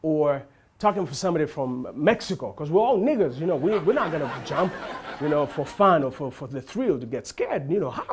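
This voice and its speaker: A male stand-up comedian from Africa, telling animated stories and laughing along on stage. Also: fairly high pitch, fairly quick. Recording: live crowd and noise. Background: audience laughter.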